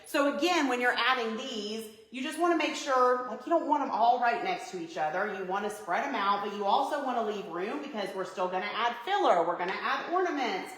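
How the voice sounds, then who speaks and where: Bright, chatty woman. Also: on the high side, animated, fairly quick, few pauses, reverberant, low-quality recording. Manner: chatty and upbeat, greets viewers by name. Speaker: home decor livestream host. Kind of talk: live craft tutorial, chatting with viewers. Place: home living room by a Christmas tree.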